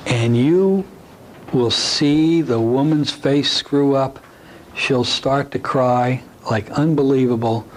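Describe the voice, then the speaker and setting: A man's voice: medium pitch, low-quality recording. A man teaching a hypnosis technique to a class in a folksy, conversational way, dropping in asides to the audience. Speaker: hypnosis instructor.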